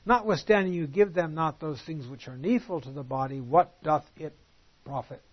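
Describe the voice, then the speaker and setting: A man with a slightly higher, husky voice teaches through a Bible passage, chatting with his listeners and posing rhetorical questions. He slows down to read each verse aloud. The recording is dull and lo-fi. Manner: conversational, rhetorical questions, reads scripture aloud slowly.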